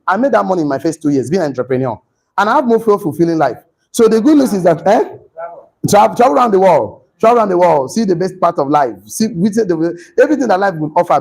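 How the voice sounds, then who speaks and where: A man lecturing a class, animated, repeating himself and putting questions to the room. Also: sits high, rough recording.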